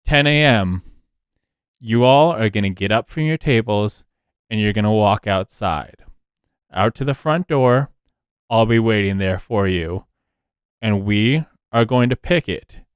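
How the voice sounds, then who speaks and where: Guy doing a fired-up union organizer in a tabletop game, kinda low voice, dry close sound. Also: a little slow, clear, resonant tone, no room sound, natural voice. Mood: rallying. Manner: rousing, speaks in short rallying sentences. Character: earnest male union organizer rallying workers.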